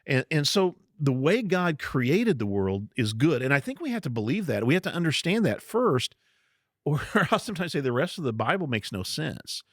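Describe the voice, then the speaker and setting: A man's voice: a little high, very animated, moderate pace, dry recording, clean studio sound. A man co-hosting a podcast, teaching on the Bible in casual chat, explaining step by step and laughing easily. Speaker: podcast co-host.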